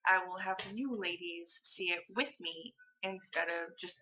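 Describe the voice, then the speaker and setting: Woman, young adult, casual vlog chat, candid, rambling fillers, bright voice, muffled lo-fi recording. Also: on the low side, unhurried. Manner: candid and chatty, rambling with many fillers and restarts. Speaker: vlogger.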